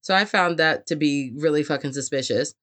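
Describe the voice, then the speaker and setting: A woman's voice: low-pitched, brisk, fairly bright tone. A young woman co-hosting a casual book chat, swearing freely and acting out the characters. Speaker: book club co-host.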